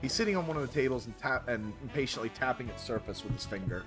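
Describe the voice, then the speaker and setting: A man's voice: medium pitch, quick pace, over music. A man streaming a visual novel, reading its narration aloud. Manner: expressive narration. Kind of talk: reading game text aloud.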